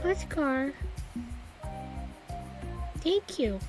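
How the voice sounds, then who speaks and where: A woman's voice: high voice, very animated, extremely slow, over music. A woman game streamer in casual live-stream chat, giggling often and stammering when flustered.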